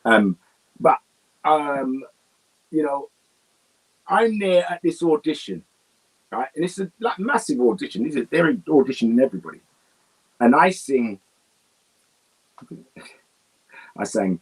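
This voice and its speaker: A man telling animated anecdotes as an interview guest, often laughing and breaking into song. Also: medium pitch, measured pace, pauses often, slightly rough.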